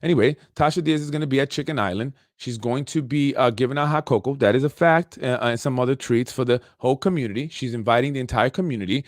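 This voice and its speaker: A man's voice: medium pitch, fast, hardly any pauses, studio quality. Guy ranting on his politics podcast, streetwise, repeats himself a lot, medium voice, no room echo. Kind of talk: unscripted political commentary.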